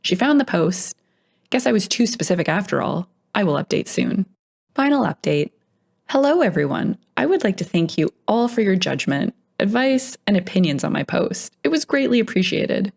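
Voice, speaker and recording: A woman narrating internet stories aloud in a lively, amused way, now and then chuckling. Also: mid-range voice, normal speed, vocal fry, husky.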